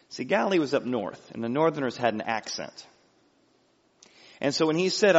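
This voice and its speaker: A man's voice: mid-range voice, a little fast, long reverb tail, highs cut off. A man from Illinois preaching a verse-by-verse sermon with dramatic storytelling. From Illinois, USA. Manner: dramatic storytelling, lively voice work. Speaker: pastor. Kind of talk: expository sermon.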